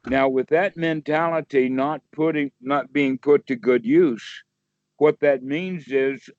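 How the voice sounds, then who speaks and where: A man's voice: mid-range voice, measured pace, a little mellow, no echo. A man, a meditation teacher, explaining in a rambling, folksy way during a casual one-on-one chat over a video call. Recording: dry, dull lo-fi call audio.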